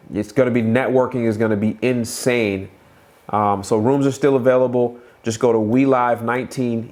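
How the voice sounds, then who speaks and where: Male live-stream host, Boston accent, hyped and repetitive, medium pitch. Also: darkish tone. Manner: hyped, repetitive, quick restarts. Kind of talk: casual live-stream promotion.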